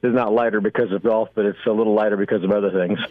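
A man's voice: fairly low pitch, fairly even intonation, very fast, dry recording. Wry man on a phone line. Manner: wry, rambling, many fillers. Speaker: guest analyst. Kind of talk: sports talk radio call-in.

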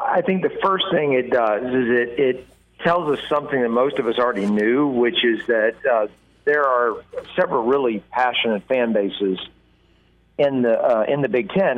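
A male football analyst calling in over a tinny, narrow phone line, speaking at a middle pitch. He works through his points with hesitant restarts and fillers. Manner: thoughtful, halting, many restarts. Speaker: national college football analyst, guest. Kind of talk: phone-in interview.

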